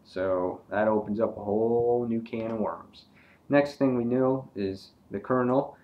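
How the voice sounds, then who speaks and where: A man's voice: on the low side, darkish tone, muffled recording. A man giving a casual, hesitant comic book review, talking through pages with many ums and uhs.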